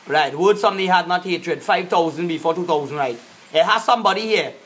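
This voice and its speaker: A man's voice: high voice, a little fast, fairly bright tone. A man with a Trinidadian accent ranting on a live stream, cussing and repeating himself as he confronts people. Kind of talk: angry live-stream rant.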